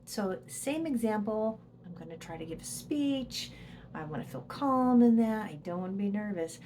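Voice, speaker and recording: With a medium-pitched, dark-toned voice at normal speed, a woman psychologist presents a casual educational talk to camera; slight hiss or hum is audible. She works through examples and lowers to a whisper for the inner voice.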